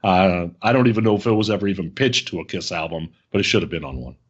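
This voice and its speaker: A man co-hosting a casual podcast with a somewhat low voice. He talks with eager, fan-like enthusiasm. His audio sounds dull and lo-fi. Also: fast talker, breathy edge. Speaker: podcast co-host.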